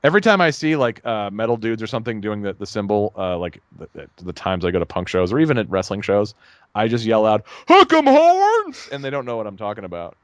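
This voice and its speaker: Podcast guy rambling n laughing, lowish voice, super dry sound. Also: fast talker, dry recording. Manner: rambling, animated, laughs at own jokes. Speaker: podcast co-host. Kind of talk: casual chat.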